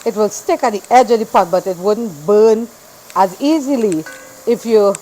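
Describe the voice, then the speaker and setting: A woman's voice: medium pitch, normal speed, warm tone, a little hiss or hum. Chatty Trinidadian woman cooking at home. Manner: chatty, repeats phrases, talks while working. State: throat irritated, coughing now and then. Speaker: cooking channel host. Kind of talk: casual cooking demonstration. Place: home kitchen.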